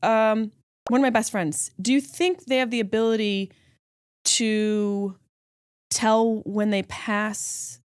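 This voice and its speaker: A woman's voice: a little high, steady tone, slow pace, clean tone, no room sound, studio quality. A woman podcast host and comedian, talking in a casual interview and speaking reflectively about personal stories.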